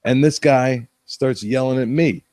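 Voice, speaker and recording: A man's voice: mid-range voice, unhurried, warm tone, no echo. A man in his thirties, a podcast co-host telling a blunt, profane story in casual chat. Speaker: podcast co-host, bar manager.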